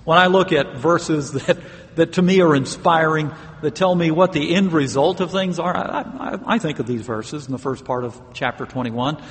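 A man preaching a sermon in an earnest, emphatic way, leaning hard on the words he wants to stress. His voice sits a little higher than most men's, and a long reverb trails behind it as if he is in a large hall. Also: moderate pace. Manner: earnest, emphatic, with occasional laughs.

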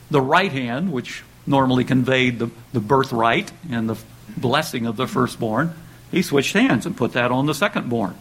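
Man, sermon, husky voice, mid pitch, conversational, reads scripture with rising emphasis. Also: rough recording. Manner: conversational, thinking aloud with restarts; raises pitch and volume when reading dramatic quotes. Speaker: preacher.

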